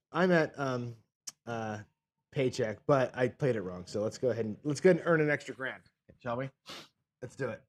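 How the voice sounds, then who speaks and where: A man's voice: mid-range voice, a little hiss or hum. A man hosting a live craps stream in casual chat, frustrated and self-deprecating, swearing and scolding himself over his mistakes. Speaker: craps show host.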